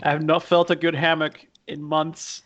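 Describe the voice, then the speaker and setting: A man's voice: fairly high pitch, flat delivery, moderate pace, fairly bright tone, muffled recording. A man joking around as a player in a tabletop game. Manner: playful, laughing.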